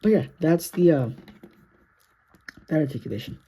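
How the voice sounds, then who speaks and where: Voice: medium pitch, animated, normal speed, mellow, husky. A sleepy, yawning action figure reviewer talking through a casual toy review in a rambling, self-correcting, apologetic way.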